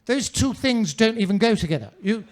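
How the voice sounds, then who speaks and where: A man's voice: sits high, lively intonation, a little fast, slight background noise. A man performing a stand-up comedy set on a comedy club stage, in a pompous manner with ornate wording.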